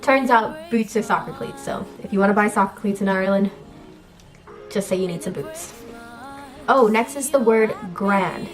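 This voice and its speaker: A woman's voice: mid-range voice, normal speed, soft background music. A young woman from the US, chatting casually in a vlog and explaining words with lots of fillers. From United States. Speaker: vlogger.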